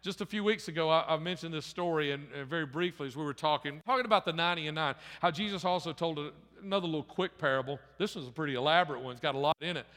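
A man's voice: a little high, racing, hardly any pauses, fairly bright tone. A man preaching a sermon, retelling a parable in a conversational, storytelling way with frequent restarts and repeated words. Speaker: pastor. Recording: long hall reverb.

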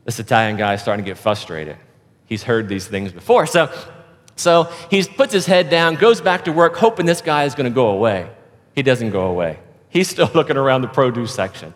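A man preaching a sermon, telling a joke with lively acted-out voices for the people in it. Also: medium pitch, brisk, in a large hall. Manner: animated storyteller, acts out characters. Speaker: pastor. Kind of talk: sermon with storytelling.

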